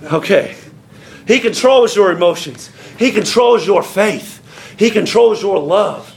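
Gravelly, high-voiced preacher in an echoey church. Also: male voice, measured pace. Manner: folksy, animated preaching that acts out voices. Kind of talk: sermon. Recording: echoey church hall with congregation. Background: congregation calling out amens.

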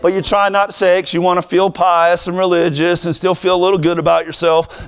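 A young man preaching a sermon, moving from plain talk to fervent, shouted preaching. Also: sits high, fairly even intonation, quick pace, hardly any pauses, clear, resonant tone.

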